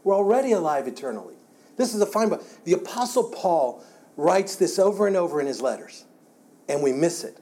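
A man leads a church Bible class with a mellow, warm tone that sits a touch higher than most men's. He talks conversationally, often doubling words and restarting sentences as he works through his points. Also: very animated, brisk. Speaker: Bible study teacher.

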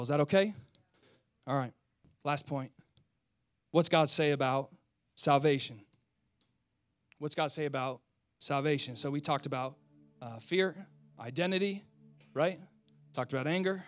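A male pastor preaching a sermon, calling out to the congregation, swinging from loud outbursts to quiet, close talk. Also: on the high side, measured pace, long pauses, no room sound. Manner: animated, swings between shouting and quiet; talks back and forth with the congregation.

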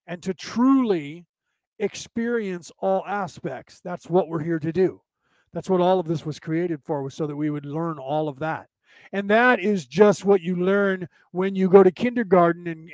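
A man's voice: high-pitched, darkish tone, no echo. A man hosting a casual spiritual talk show, rambling, repeating himself and often asking "right?" as he reads comments from his listeners. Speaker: podcast host.

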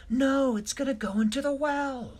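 A man's voice: extremely high pitch, moderate pace, pitched above the performer's own voice. A man voicing an anxious grown-up girl, urgent and pleading, in a told story. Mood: worried.

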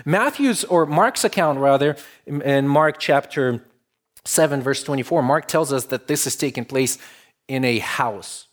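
A man's voice: mid-range voice, measured pace. A man preaching a sermon in a conversational way, building to emphatic stretches. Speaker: pastor.

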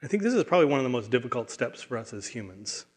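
A man's voice: mid-range voice, big pitch swings, rapid-fire, slightly rough. A man preaching a sermon as a pastor, talking earnestly and often restarting his words.

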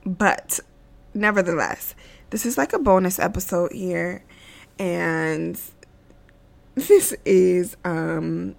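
Casting note: tearful female podcast host, slow solo chat, gravelly, laughs between words. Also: on the low side. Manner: emotional, laughing between words, many fillers.

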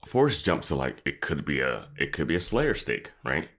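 A man's voice: extremely low pitch, very animated, normal speed, a bit bright. A man co-hosting a casual chat, critiquing a TV episode with incredulous, profane remarks and some laughter. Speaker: podcast co-host.

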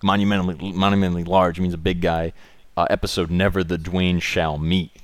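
A man's voice: sits low, flat delivery, a little fast, no room sound. A man chatting casually and joking, rambling through bits and doing goofy impressions. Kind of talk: casual chat.

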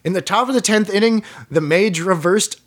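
A woman's voice: mid-range voice, normal speed. A woman hosting a casual podcast who tells a story and laughs often as she goes. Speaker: podcast host.

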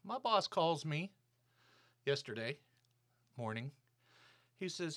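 A man's voice: a little high, very animated, slow, long pauses, a bit bright. A man hosting his own podcast, telling a workplace story in a casual, indignant, ranting way. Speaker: podcast host. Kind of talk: casual monologue.

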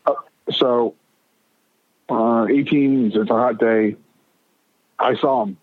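A man's voice: medium pitch, takes it slowly, no room sound. A middle-aged man rambles through a long story, stumbling over restarts and acting out what people said. His voice comes down a thin, tinny phone line into a dry, close sound. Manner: rambling, stammering restarts, animated retelling of quotes. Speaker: guest. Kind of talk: casual storytelling.

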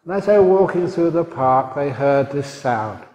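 A man's voice: a little high, expressive, moderate pace, a little mellow. A man giving a humorous sermon as a monk teacher, joking, chuckling and asking his audience questions. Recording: roomy hall reverb.

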